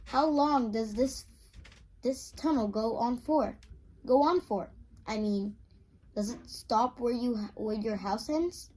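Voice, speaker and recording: A woman voicing a curious, adventurous young English boy in a put-on British accent, reading aloud from a storybook with halting repeats. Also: fairly high pitch, mellow, husky.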